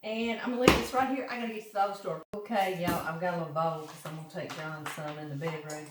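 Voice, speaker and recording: A chatty Southern woman from Louisiana talks straight to her viewers while she cooks. Her voice comes from a distance in an echoey home kitchen, with clear background noise around her. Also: on the low side, steady tone, fast talker. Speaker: home cooking vlogger. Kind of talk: casual kitchen chat. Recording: roomy kitchen, mic at a distance, noisy.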